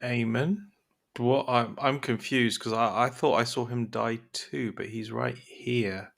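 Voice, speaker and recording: Slow-talking man with a gravelly voice, hesitant player in a tabletop game. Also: medium pitch, steady tone, a bit bright. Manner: hesitant, full of fillers. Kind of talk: tabletop role-play.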